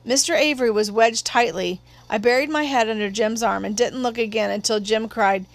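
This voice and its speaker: A woman narrating an audiobook in a measured, steady storytelling voice. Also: a little high.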